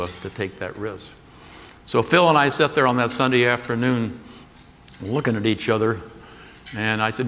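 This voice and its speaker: Un hombre mayor, de voz algo grave y timbre brillante, cuenta anécdotas con aire campechano en una conferencia. Su voz resuena en una sala grande con eco largo, y se oye un leve ruido de fondo. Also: male voice, lowish voice, fairly bright tone. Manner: folksy anecdotal storytelling with quoted dialogue. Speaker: keynote speaker. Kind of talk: storytelling keynote. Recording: echoey hall with faint noise.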